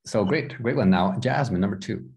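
A man's voice: fairly low pitch, fairly quick, gravelly, darkish tone. A man teaching an online English class, encouraging and explaining with examples. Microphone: video call.

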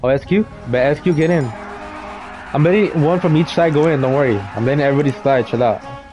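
A man's voice: on the high side, fast talker, a little mellow, soft background music. Young man hosting a game stream. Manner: loose slangy banter, calling players by name. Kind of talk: casual live-stream commentary.

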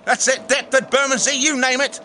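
A man hosting his own vlog outdoors by a city river, animated, jokey and often shouting. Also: very high-pitched, fairly quick, slight background noise. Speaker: vlog host and actor. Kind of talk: excitable outdoor vlog chat.

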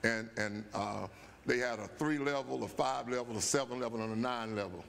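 A man in his seventies, a bishop, telling a folksy, animated story at a Bible study, often saying "man" and "guess what.". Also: medium pitch, normal speed, vocal fry. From USA. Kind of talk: storytelling sermon. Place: church sanctuary. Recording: church hall with long reverb.

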